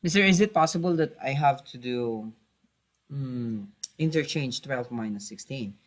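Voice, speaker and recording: A man's voice: medium pitch, lively intonation, unhurried, natural voice. A man doing a puzzled student asking. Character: student asking the teacher a question.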